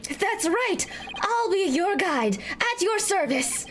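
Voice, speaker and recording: A woman's voice: very high voice, very animated, slow pace, pitched above the performer's own voice, exaggerated voice. A woman voicing a polite young male monk in training who acts as a guide, reading game lines in a formal, courteous way. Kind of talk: reading game dialogue aloud. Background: game music.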